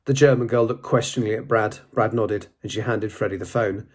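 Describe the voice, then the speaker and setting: A man's voice: lowish voice, fairly even intonation, fairly quick. A man narrating an audiobook, reading plainly and lightly voicing the dialogue.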